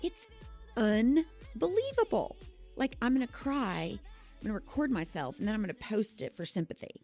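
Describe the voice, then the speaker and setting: A woman's voice: a little high, very animated, normal speed, a little mellow, soft background music. Sassy lady podcaster ranting bluntly, voice bouncing all over. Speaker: podcast co-host. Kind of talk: casual podcast chat.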